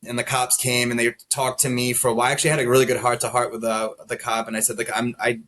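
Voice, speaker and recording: A man's voice: medium pitch, flat delivery, quick pace, a bit bright. A man guest on a podcast, candidly telling his personal story in a rambling way, full of "like" fillers and self-deprecating laughs. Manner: rambling, heavy use of "like" fillers.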